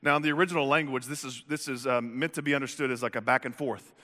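Man, pastor preaching, animated, jokey, bright voice, long hall echo. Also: medium pitch, fast. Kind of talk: sermon. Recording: echoey hall reverb.

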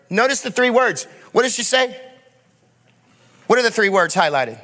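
Male pastor, fairly high voice, emphatic sermon delivery with rhetorical questions, long reverb of a big sanctuary. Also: lively intonation, moderate pace, long pauses, fairly bright tone. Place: church sanctuary.

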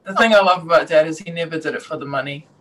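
A woman's voice: low voice, rapid-fire, rough recording. A woman with a New Zealand accent, a basketball player answering casually and candidly as a guest, laughing easily. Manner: relaxed and candid, warm laughs, plain-spoken. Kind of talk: casual interview.

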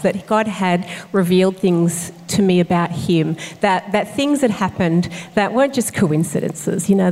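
A woman's voice: lowish voice, vocal fry, a little mellow, long reverb tail. A woman associate pastor, talking earnestly and thoughtfully about her calling in an interview, with frequent fillers and restarts. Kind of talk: conversational interview.

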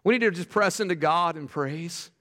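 A middle-aged male pastor preaching with a high, lively voice. He tells stories animatedly, tripping over his words as he starts sentences, then drops into quiet, fervent prayer. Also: moderate pace, big-room sound. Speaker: pastor planting a church. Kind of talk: sermon with storytelling.

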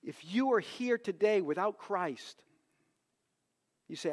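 A male pastor delivering a sermon in an impassioned way, building up to loud, emphatic peaks. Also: high voice, animated, slow. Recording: preached in a reverberant hall.

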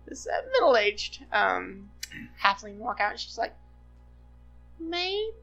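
A woman's voice: medium pitch, animated, measured pace, gravelly, sharp tone, highs cut off, faint music behind. A woman narrating as game master in a tabletop game, casual and rambling with many fillers.

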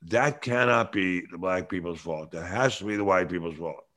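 An older man talks through a casual opinion podcast. He lectures in a long, opinionated monologue. His throat sounds bronchial, and he has to clear it now and then. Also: low-pitched, moderate pace, a bit bright. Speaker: show host.

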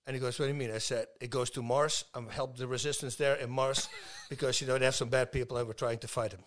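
A man in his fifties, a guest telling stories in casual talk, lively and laughing, acting out the people he quotes. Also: mid-range voice, a little fast. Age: 50s. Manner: animated, laughs a lot, acts out dialogue. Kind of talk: casual storytelling.

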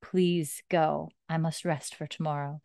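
Grieving old blind matriarch, read by a woman in a low, smooth voice. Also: little pitch movement, unhurried, mellow, no echo, clean studio sound. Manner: reads the lines out plainly from a script.

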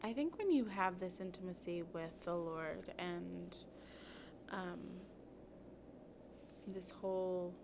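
Slow, thoughtful woman over noise. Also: on the low side, gravelly. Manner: thoughtful, hesitant with many ums. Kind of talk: casual faith conversation. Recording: noisy recording.

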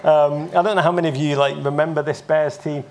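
An English man in his fifties, a broadcaster telling lively, self-mocking stories as a guest in a live interview. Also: fairly high pitch, fairly quick, gravelly. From England. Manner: animated, self-mocking anecdotes with frequent restarts. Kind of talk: live on-stage interview storytelling.

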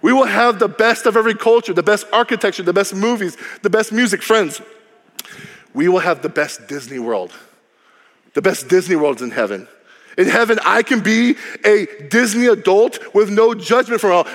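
A man preaching a sermon as a pastor, lively and humorous, dropping to a low hush for emphasis. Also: moderate pace. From Cuban heritage. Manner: lively, humorous, varies volume widely, drops low for emphasis. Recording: long reverb of a large hall.

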